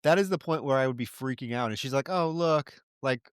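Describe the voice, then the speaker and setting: A man's voice: medium pitch, lively intonation, fast, no room sound, clean studio sound. A man co-hosting a casual film-review podcast, recapping plot with sarcastic, profane asides and acting out characters' lines. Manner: acts out characters' lines in quotes. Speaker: podcast co-host.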